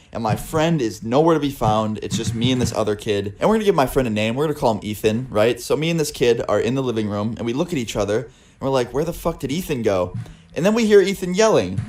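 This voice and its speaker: Young male vlogger, mid-pitched, swearing freely in a casual storytelling chat. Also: darkish tone, slight background noise. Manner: casual and profane, with a lot of filler words.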